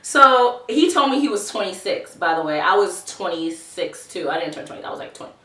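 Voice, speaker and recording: A woman's voice: mid-range voice, animated, brisk, sharp tone. A woman in her twenties telling a storytime vlog in a chatty, profane, slangy way. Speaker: vlogger. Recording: roomy echo, distant mic.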